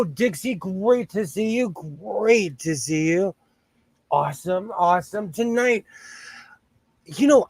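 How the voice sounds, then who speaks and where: A man's voice: fairly high pitch, no echo. A middle-aged man with a Southern Californian accent hosts a casual sewing livestream, greeting viewers by name.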